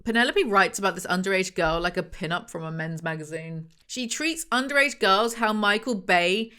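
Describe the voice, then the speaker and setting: A woman's voice: mid-range voice, animated, moderate pace, pushed and bright, clear, resonant tone. A woman reviewing a book with dry, sarcastic humor.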